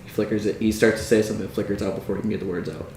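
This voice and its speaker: Hushed man narrating as game master. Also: fairly low pitch, steady tone, racing, roomy sound, background noise. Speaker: dungeon master.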